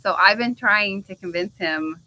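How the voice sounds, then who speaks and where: Chatty woman co-host with a bright, forceful voice and an easy laugh. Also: mid-range voice, a little slow, poor audio. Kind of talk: casual live chat.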